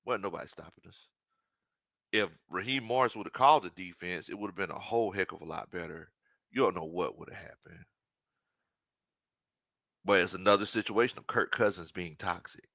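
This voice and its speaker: A man hosting a sports talk show, joking in an animated, casual way and mimicking players. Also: low-pitched, fairly quick, pauses often, dry recording.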